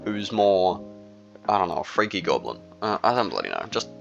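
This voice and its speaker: A man's voice: low-pitched, sing-song, normal speed, vocal fry, soft background music. A young man in a casual, rambling monologue, full of fillers and slang. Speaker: solo video creator. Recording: dull lo-fi recording.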